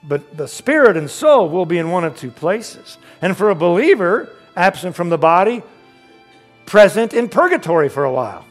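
A man delivers a sermon from the pulpit in a fairly high voice. He swings between emphatic, rising questions and quiet, near-hushed asides, with the odd joke. Soft music plays faintly behind him. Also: big pitch swings, normal speed. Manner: emphatic preaching with sudden drops to quiet, joking asides. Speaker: pastor.

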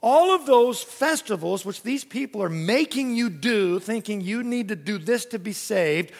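A man preaching a sermon, telling lively stories with jokes and little voice impressions. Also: sits high, measured pace, creaky, long reverb tail. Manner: animated storytelling with jokes and voice impressions.

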